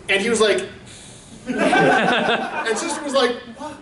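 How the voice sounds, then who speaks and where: A man with a high, animated voice hosts a charity auction at a convention, warming up a live crowd with crude, mocking stories and laughing as he tells them brashly. He talks slowly with long pauses, and the echoey hall is captured from a distance with background noise.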